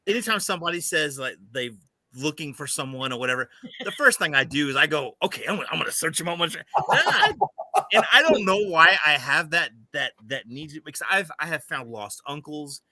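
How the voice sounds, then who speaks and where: Man, co-host, playful, teasing, a bit high voice. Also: lively intonation, a little fast, pushed and bright, no echo. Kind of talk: casual live-stream chat.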